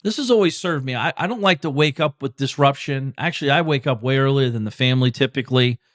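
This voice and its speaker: A man's voice: medium pitch, fast, fairly bright tone, dry recording, studio quality. A man in his forties hosting a solo podcast, talking bluntly and with plenty of swearing, in a loose, rambling way full of "like" and "you know", giving motivational advice. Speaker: podcast host.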